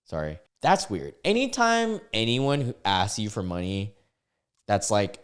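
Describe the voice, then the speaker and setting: A young man hosting a casual online video, reacting to posts in a halting way and often stumbling and restarting his words. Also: lowish voice, sing-song, smooth. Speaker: YouTube reaction host.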